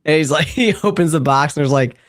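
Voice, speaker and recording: A man's voice: a little high, fast talker, no room sound, studio quality. A young man co-hosting a casual live stream, joking around and laughing a lot. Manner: playful, jokey, laughs often, mock-stern bits. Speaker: co-host of a movie reaction stream.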